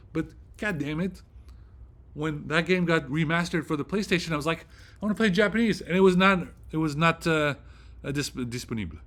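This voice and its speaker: Male vlog host, excitable profane rambler, slightly high voice. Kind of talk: casual vlog rant.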